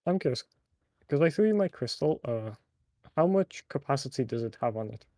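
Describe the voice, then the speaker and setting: A man with a mellow, warm tone chats casually with a friend over a game. He explains the game's rules in a plain, matter-of-fact way. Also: medium pitch, expressive, fairly quick, dry recording. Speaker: fellow player. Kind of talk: casual gameplay chat.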